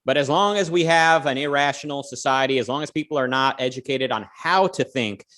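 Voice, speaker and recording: A male co-host on a casual livestream talks loosely and cracks jokes, his mid-range voice brisk and fairly bright. His speech is full of fillers and restarts.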